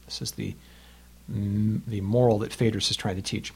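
A man's voice: on the low side, level tone, moderate pace, creaky, a little mellow, husky. A man in his fifties teaching a recorded lesson on Latin poetry, patient and explanatory, tapping out the rhythms aloud.

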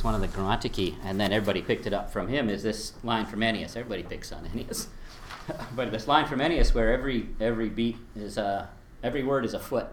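A man teaching a class on Latin verse, lively and chuckling, slowing down to recite lines beat by beat. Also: fairly low pitch, reverberant, a little hiss or hum. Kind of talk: lecture with recitation.

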